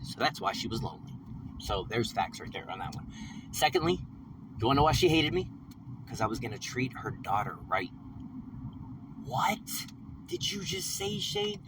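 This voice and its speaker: A man's voice: lowish voice, very animated, normal speed, long pauses. A man ranting in a rambling vlog, agitated and profane, repeating himself as he tells his story. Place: in a vehicle after work. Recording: distant mic with faint vehicle noise.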